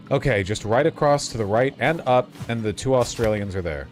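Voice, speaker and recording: A man streaming a video game, giving casual, sarcastic, joking commentary as he plays. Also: medium pitch. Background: game music.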